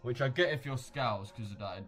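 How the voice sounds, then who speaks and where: A young man's mid-range, fairly bright voice moves at a moderate pace as he hosts a livestream. He reacts to viewer comments casually, with blunt and slangy replies.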